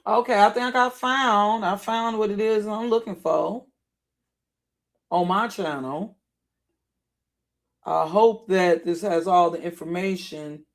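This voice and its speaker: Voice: mid-range voice, takes it slowly, pauses often. A live streamer talking casually while browsing, thinking aloud, often repeating and restarting phrases as frustration builds.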